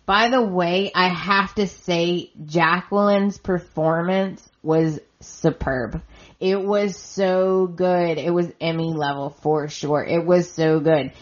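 A woman's voice: fairly low pitch, fairly even intonation, slow, lo-fi sound. A woman hosting a podcast, casually recapping a soap opera in a chatty way and retelling scenes with quoted lines. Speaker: podcast host.

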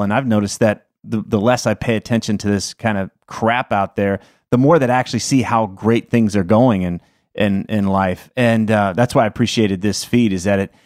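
A man's voice: fairly low pitch, darkish tone, no echo. Male podcast host, enthusiastic and affirming, dry close sound. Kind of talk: casual interview conversation.

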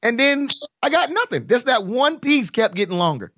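A man's voice: extremely high pitch, very animated, moderate pace, fairly bright tone. A man co-hosting a casual chat, teasing and prying with playful questions. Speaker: podcast co-host.

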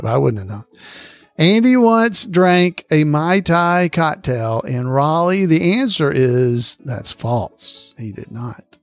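A man's voice: a little high, creaky. Chuckling man hosting a podcast quiz. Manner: reads questions slowly and repeats them, chuckles often. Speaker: podcast host running a trivia quiz. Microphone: close podcast microphone.

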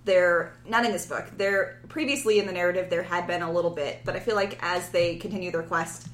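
A woman's voice: on the low side, fairly even intonation, brisk, fairly bright tone. A woman co-hosting a casual podcast, rambling enthusiastically and restarting her sentences. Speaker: podcast co-host. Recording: echoey room.

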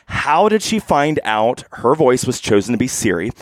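Lively, upbeat man co-hosting a podcast. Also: medium pitch, moderate pace, dry recording. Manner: upbeat, eager. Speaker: podcast co-host. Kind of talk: enthusiastic interview podcast.

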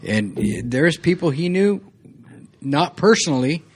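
A man co-hosting a casual movie podcast, telling memories in a relaxed, rambling way. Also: fairly high pitch, a little slow, a little hiss or hum. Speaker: podcast co-host.

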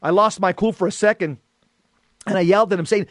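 This middle-aged Catholic lay speaker's voice sits high, and he talks fairly quickly but leaves long pauses. His personal testimony about faith is earnest and emphatic, rising to shouts in quoted exchanges, recorded cleanly in a studio without echo.

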